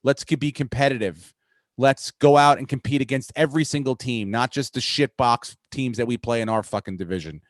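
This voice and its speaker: A man's voice: mid-range voice, fairly quick, no echo. Profane, rambling man hosting a podcast. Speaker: podcast host. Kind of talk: casual sports chat.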